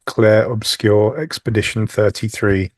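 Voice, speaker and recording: A man co-hosting a casual gaming podcast, relaxed and wry, swearing now and then. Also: on the low side, a little slow, no echo, clean studio sound. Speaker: podcast co-host. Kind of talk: casual chat.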